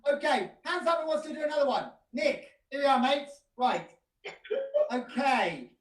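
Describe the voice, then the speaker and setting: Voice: sits high, very animated, moderate pace. Upbeat person leading an online drama session. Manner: upbeat, praising, loosely improvised hosting. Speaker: drama group leader. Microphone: video call.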